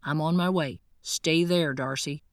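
A woman voicing a calm, steady man who reassures a frightened friend in a firm, professional tone. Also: deep voice, a little slow, dry recording, studio quality. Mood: reassuring.

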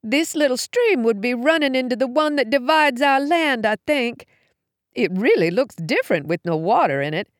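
A woman's voice: high voice, lively intonation, moderate pace, dry recording, clean studio sound, voice pushed up. A woman reading aloud, voicing a distressed mother fleeing through the woods, angry and weary by turns. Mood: uncertain. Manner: hissing anger turning to weary uncertainty.

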